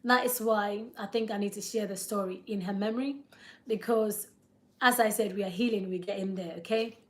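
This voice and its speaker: A vlogger in her thirties shares a heartfelt personal story on a live vlog, speaking at medium pitch with a steady tone and normal pace. She repeats words for emphasis and checks in with her listeners.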